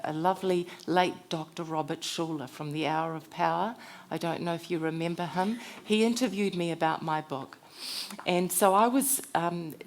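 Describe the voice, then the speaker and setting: A woman speaker at a conference, telling personal stories in a heartfelt motivational talk. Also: on the low side.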